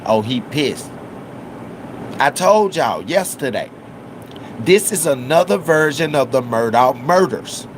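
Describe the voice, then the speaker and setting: A man talks slowly through casual livestream commentary at a mid pitch. He drawls, then acts out what other people said in higher, louder voices. A faint hum of air conditioning and outdoor traffic runs behind him. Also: lively intonation, rough recording. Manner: slow, drawling, acts out quotes in raised voices.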